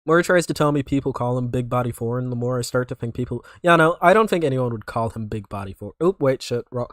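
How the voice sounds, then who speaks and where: A man's voice: medium pitch, fast, hardly any pauses, no echo, clean studio sound. A young man from North Carolina, streaming and commenting casually in a rambling, filler-heavy way. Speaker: streamer reacting to videos. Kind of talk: casual live-stream chat.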